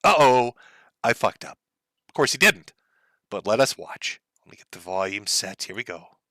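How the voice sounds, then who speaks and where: A man's voice: low voice, expressive, moderate pace, sharp tone, no room sound. A man streaming live, giving profane, mocking commentary over clips.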